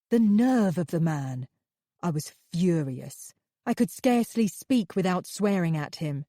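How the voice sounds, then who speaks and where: A woman narrating a thriller audiobook in the first person, with steady, measured storytelling. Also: on the low side, dry recording, clean studio sound.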